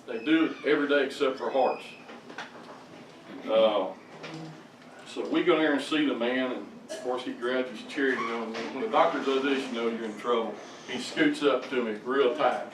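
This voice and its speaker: Older man, church testimony, folksy and stammering; distant mic, roomy echo. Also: medium pitch. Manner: folksy storytelling, stammering restarts. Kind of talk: personal testimony. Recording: echoey, distant mic, background noise.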